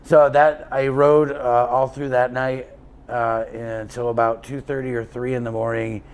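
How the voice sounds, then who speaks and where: A man's voice: medium pitch, little pitch movement, a little slow, clean tone. A man being interviewed as an endurance cyclist, telling a long story in a casual, rambling way with plenty of fillers and restarts.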